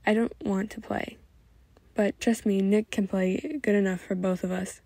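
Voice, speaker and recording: A woman's voice: medium pitch, steady tone, moderate pace, dark tone, no echo, lightly acted. A woman voicing an anxious teenage boy who pleads urgently with his friends.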